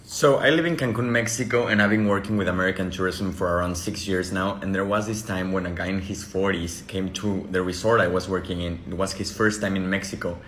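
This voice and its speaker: A man who works in tourism, telling a story in a steady, plain way. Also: deep voice, fairly quick, hardly any pauses. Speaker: tourism worker. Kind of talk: casual storytelling. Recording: echoey room with faint noise.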